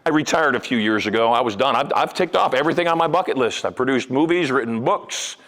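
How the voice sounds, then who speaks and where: An older man giving a live seminar talk as a hypnotist and motivational speaker, with animated, punchy delivery that swings between loud emphasis and low asides. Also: fast. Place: large event room with a live audience.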